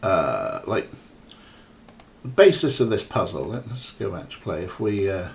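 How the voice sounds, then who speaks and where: A man's voice: low voice, very animated, measured pace, gravelly. A man streaming a point-and-click game, talking casually and rambling with many fillers while chatting to viewers and his cats. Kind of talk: casual let's-play commentary.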